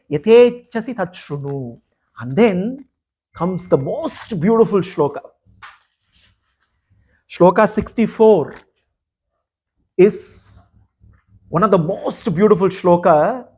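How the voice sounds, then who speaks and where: A man teaching as a spiritual teacher in a live discourse, speaking earnestly and emphatically with frequent pauses. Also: high voice, darkish tone, slightly rough. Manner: earnest, emphatic, pausing often.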